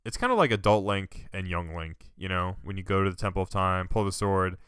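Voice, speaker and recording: Deep-voiced young man, smooth and dry. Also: lively intonation, brisk, a bit bright, dry recording. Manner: laid-back, laughs often, profane. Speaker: podcast co-host. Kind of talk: casual chat.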